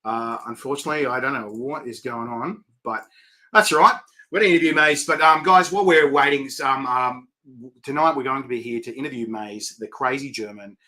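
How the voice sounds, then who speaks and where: Upbeat man hosting, bright voice. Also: mid-range voice, fairly quick, rough recording. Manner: upbeat, chatty, laughs often. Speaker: host. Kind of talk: online video interview.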